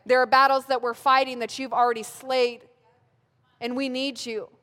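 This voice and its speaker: Woman pastor in her thirties, fairly high voice, wry self-mocking sermon, long hall reverb. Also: level tone, normal speed, fairly bright tone. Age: 30s. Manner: humorous, self-mocking storytelling. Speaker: pastor speaking at a women's gathering.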